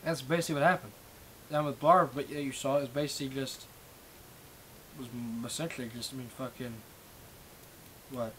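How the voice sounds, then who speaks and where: A man's voice: medium pitch, steady tone, brisk, long pauses, fairly bright tone, slight background noise, poor audio. A man ranting casually on a live stream through a webcam mic. He swears often, rambles, and has a speech impediment with sh and ch sounds. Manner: profane, rambling, self-deprecating. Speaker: Minecraft server staff streamer. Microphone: webcam microphone.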